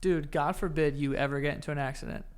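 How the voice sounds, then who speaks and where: A man's voice: a little high, steady tone, fast, a little hiss or hum. A young man, co-hosting a podcast with teasing, joking banter. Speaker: podcast co-host. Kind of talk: casual chat.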